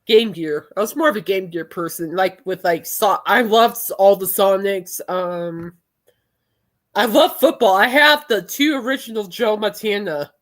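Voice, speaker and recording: A woman's voice: medium pitch, measured pace. A young adult woman hosting a podcast in casual chat, rambling and laughing often. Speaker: podcast host.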